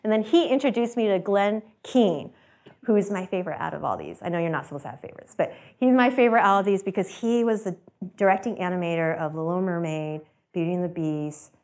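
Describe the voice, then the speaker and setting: A woman and startup founder giving a casual talk to an audience, chatty, laughing often and acting out the voices of people she quotes. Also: fairly low pitch.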